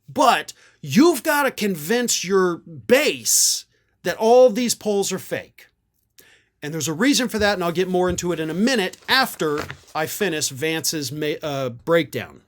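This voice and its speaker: Guy ranting about politics, sarcastic, voice swings up and down a lot. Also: high-pitched. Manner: sarcastic, combative. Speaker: political commentary host. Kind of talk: political commentary monologue.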